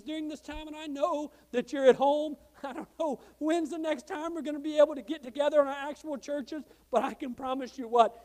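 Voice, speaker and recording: A man preaching a sermon as pastor, telling a story with passion and swinging from hushed, quiet lines to loud, urgent ones. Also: very high voice.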